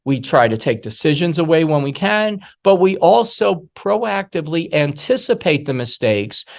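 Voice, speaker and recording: A man with a slightly higher-pitched voice than most men delivers a masterclass lecture on security. He tells stories in an emphatic style, with many asides along the way. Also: big pitch swings, moderate pace, gravelly. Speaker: security awareness speaker.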